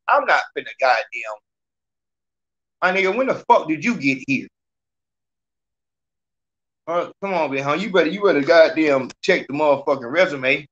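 A man's voice: sits high, animated, moderate pace, long pauses, pushed and bright, muffled recording. A man hosting a call-in podcast, ranting profanely and challenging a commenter. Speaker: podcast host. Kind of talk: heated call-in podcast talk.

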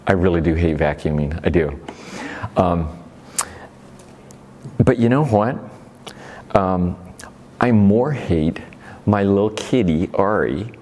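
A man's voice: deep voice, animated, takes it slowly, long pauses, darkish tone, slight background noise. A middle-aged man from Oregon giving a faith-based talk to a live audience, telling homey stories in a playful, folksy way. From Oregon, USA. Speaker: speaker at a faith-based recovery ministry event.

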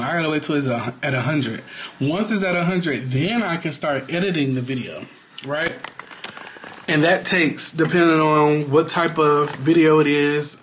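A man with a voice on the high side vlogs from home, moving between his computer and kitchen as he talks casually to viewers. He is playful and loose, using slang and fillers, and the recording carries a slight hiss or hum.

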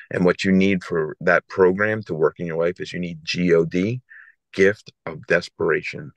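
A man in his forties from South Philadelphia, a podcast guest telling an emotional personal story in an earnest, halting way with many restarts. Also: sits low, steady tone, gravelly, dry recording. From South Philadelphia, USA. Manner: earnest, halting, repeats himself.

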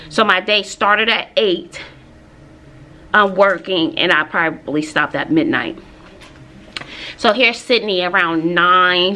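A woman, chatting casually in a vlog. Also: fairly low pitch. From Texas, USA. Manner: chatty, animated storytelling with asides. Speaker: vlogger and teacher.

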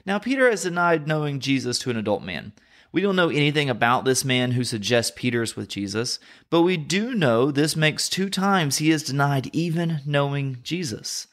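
A man's voice: on the high side, animated, moderate pace, a bit bright. Southern American man teaching scripture. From North Carolina, USA. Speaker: podcast host and Bible teacher.

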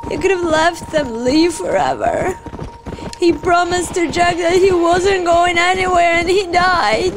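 A woman's voice: very high-pitched, fairly even intonation, a little slow. A woman gaming streamer crying and reacting emotionally, talking outspokenly to the characters on screen. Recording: noisy game audio behind.

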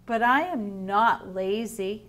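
A woman reading aloud as a calm, unhurried male sloth who is content with himself, in a slow, drawn-out, placid delivery. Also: medium pitch.

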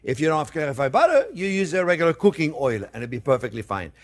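Very animated and fast, the male chef speaks with a fairly high pitch as he hosts a cooking demonstration in a kitchen. He jokes around in a chatty manner and calls his viewers friends, over the faint sound of a sizzling pan.

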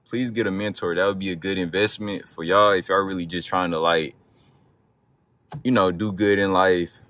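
A deep-voiced man speaks at normal speed with fairly even intonation and a fairly bright tone. He's a young car vlogger filming a night drive, rambling loosely, swearing, and yelping at bumps, while faint car noise runs underneath.

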